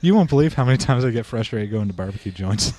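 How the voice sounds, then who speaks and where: Animated laughing storyteller, a man. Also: on the low side, fast. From United States. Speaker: guest drummer. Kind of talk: casual chat.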